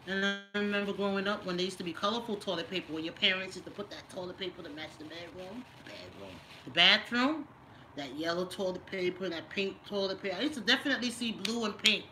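A woman's voice: mid-range voice, fast talker, bright, forceful tone, a little hiss or hum, poor audio. A middle-aged woman live-streaming a casual vlog, chatting and teasing while she reads viewer comments aloud. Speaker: lifestyle vlogger doing a live stream.

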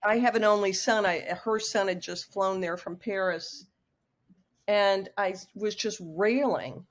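A woman's voice: mid-range voice, unhurried. A woman in her sixties telling a personal story frankly and with emotion as a guest on a video call. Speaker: guest author.

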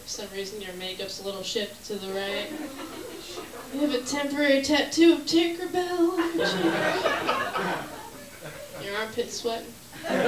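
A woman performing a stand-up comedy set, animated, working the crowd and acting out bits. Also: mid-range voice. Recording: echoey room from far off, noisy.

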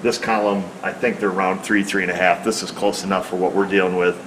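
A man's voice: low voice, level tone, quick pace, background noise. A man working on a car, explaining a repair step by step in a plain, hands-on way. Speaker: auto repair technician. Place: car repair shop, at the vehicle.

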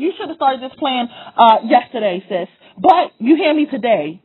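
A woman's voice: high-pitched, lively intonation, normal speed, few pauses. Woman ranting straight at you, cussing, repeats herself, tinny phone-ish audio. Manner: forceful, profane, repeats lines for emphasis, speaks straight to the listener. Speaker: vlogger. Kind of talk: impassioned direct-to-camera monologue.

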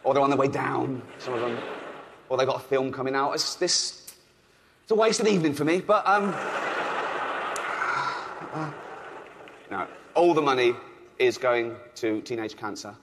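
A man from England doing a deadpan, offhand stand-up routine on stage at a charity event. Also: medium pitch, moderate pace, vocal fry, long pauses, long reverb tail. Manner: deadpan, offhand, with frequent ums and chuckles. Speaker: stand-up comedian. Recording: noisy live venue.

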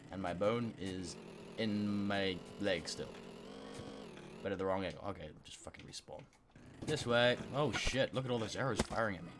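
A man commentating on a game he is playing, excitable and swearing, a bit sick and clearing his throat. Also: on the low side, noisy background. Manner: excitable, swearing, yelping at failures. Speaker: gameplay commentator. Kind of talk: let's play commentary.

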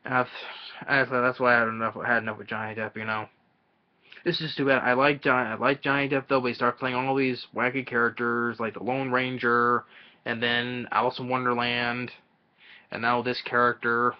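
A man giving a casual, rambling film review, halting often and restarting his sentences. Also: medium pitch, flat delivery. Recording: dull lo-fi audio.

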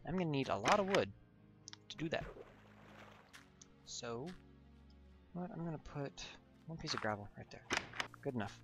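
A man's voice: mid-range voice, animated, normal speed, long pauses, loud music behind the voice. A young man giving goofy, rambling gameplay commentary as a gaming channel host, joking and losing his train of thought.

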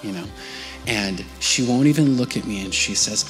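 A man preaching a storytelling sermon as a pastor. He speaks conversationally, keeps checking in with his listeners, and sinks to a soft, hushed voice at tender points. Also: lowish voice, animated, unhurried, over music. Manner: conversational, often checking in with "right?" and "okay?". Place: church service.

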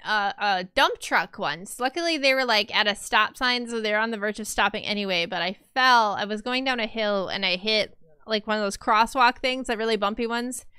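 A woman's voice: mid-range voice, normal speed, sharp tone, smooth, no room sound, studio quality. A young woman streaming as a VTuber, chatting casually with viewers and laughing often. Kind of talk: casual live-stream chat.

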